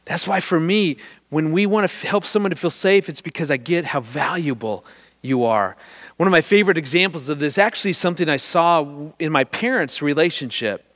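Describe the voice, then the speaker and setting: A middle-aged man telling a family story to an audience, animated and self-deprecating, laughing often. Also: a little high, a little fast. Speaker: speaker on marriage.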